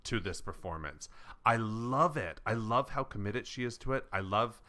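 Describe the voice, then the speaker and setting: A man's voice: lowish voice, lively intonation, moderate pace, sharp tone. A man co-hosting a podcast in casual chat, gushing and emphatic, swearing casually. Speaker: podcast co-host.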